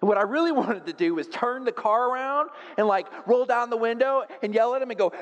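Guy pastor preaching, goes quiet then gets loud and animated, jokes at himself, big echoey church hall. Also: extremely high pitch, a little fast, hardly any pauses, muffled recording. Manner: self-deprecating humor. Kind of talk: sermon.

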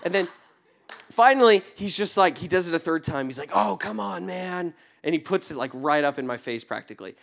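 Telling a story from the pulpit, this young pastor speaks on the high side and at a quick pace. Frequent laughter breaks up his sermon, and he softens to a hush when things turn tender.

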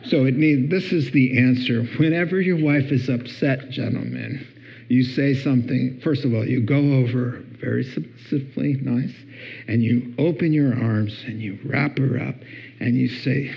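A middle-aged man giving a humorous talk on marriage, lively and acting out little scenes in different voices. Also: unhurried, vocal fry. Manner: animated, acts out voices with big pitch jumps. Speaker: speaker on marriage. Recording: dull lo-fi recording.

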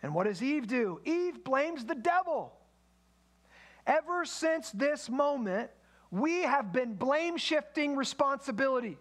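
High-voiced preaching man. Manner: conversational preaching with asides and acted quotes. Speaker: pastor. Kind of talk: sermon.

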